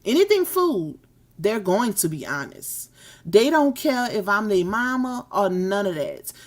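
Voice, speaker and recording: A woman's voice: mid-range voice, big pitch swings, measured pace. Live stream host, woman, thirties, casual and talkative. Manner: chatty, laughs often, Southern US slang.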